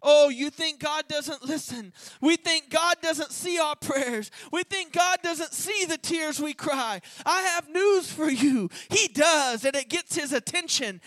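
A preacher delivers a fervent sermon in a high, bright, cutting voice, climbing to shouts on key lines. Scripture passages come lower and hushed. The sound is close and dry, with almost no room around it. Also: animated, measured pace, hardly any pauses, dry recording. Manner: impassioned, rising to shouts on key points; drops lower and quieter to read scripture.

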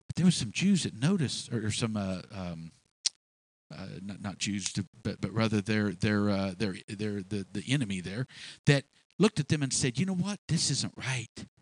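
A man retelling a Bible story in casual, animated speech, often repeating words as he goes. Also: lowish voice, moderate pace, dry recording, low-quality recording.

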